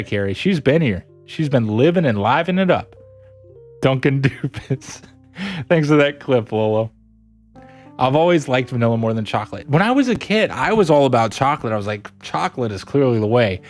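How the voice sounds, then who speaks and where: A young adult man streaming, chatting casually with viewers, giggling a lot. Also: mid-range voice. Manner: giggly, laughs a lot, animated. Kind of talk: casual chat reading viewer messages.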